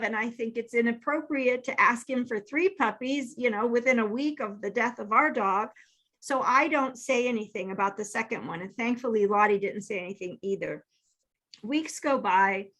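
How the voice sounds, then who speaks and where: Woman, 50s, bright higher voice, earnest heartfelt storyteller. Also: moderate pace. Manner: emotional, earnest, acts out quoted texts. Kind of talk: casual storytelling.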